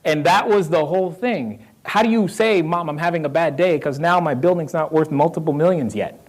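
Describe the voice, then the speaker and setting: Southern guy hyping up a room, kinda high voice, repeats stuff, keeps asking yes or no. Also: fairly quick. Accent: Southern American. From North Carolina roots. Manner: energetic, asks the crowd questions, repeats key lines. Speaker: real estate speaker. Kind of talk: live motivational talk.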